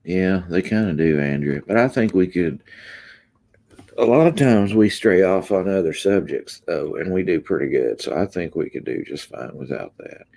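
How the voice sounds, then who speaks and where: Deep, mellow male livestream host, easygoing drawl with lots of ums. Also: animated, normal speed, creaky. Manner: laid-back, drawling, trailing off with ums. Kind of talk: casual livestream chat reading comments.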